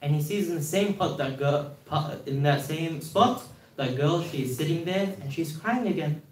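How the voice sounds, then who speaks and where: A man's voice: a little high, animated, normal speed, far from the mic. Earnest man preaching in a roomy hall. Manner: earnest, repeats phrases, asks rhetorical questions. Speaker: speaker at a religious gathering. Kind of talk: sermon storytelling. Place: hall at a religious gathering.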